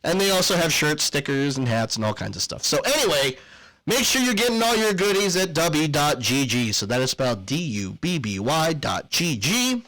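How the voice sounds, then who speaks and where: A man's voice: fairly high pitch, very animated, normal speed, a bit bright, rough recording. A man co-hosting a podcast, reading an ad in a playful, jokey, rambling way with lots of fillers, then signing off casually. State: out of breath. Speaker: podcast co-host. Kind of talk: casual podcast chat and ad read.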